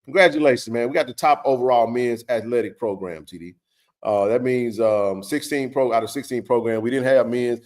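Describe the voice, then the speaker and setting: A man's voice: medium pitch, a little fast, a little mellow. A man hosting a sports talk stream, ranting bluntly in casual, profane talk. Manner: heated, blunt ranting with frequent swearing.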